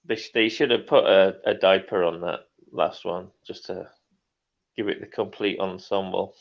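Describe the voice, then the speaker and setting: A middle-aged man chats casually on a livestream, laughing often as he reads out comments. His voice sits fairly low, and the audio comes through dull and muffled. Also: steady tone, moderate pace, creaky. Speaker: livestream co-host. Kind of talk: casual chat.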